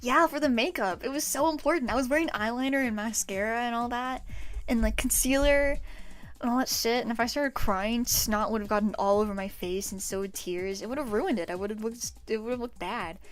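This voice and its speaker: A woman's voice: a little high, fairly quick, faint music behind. Laughing, foul-mouthed young woman streamer. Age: 20s. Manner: loose and profane, laughing often. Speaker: livestreamer. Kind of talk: casual chat with stream viewers.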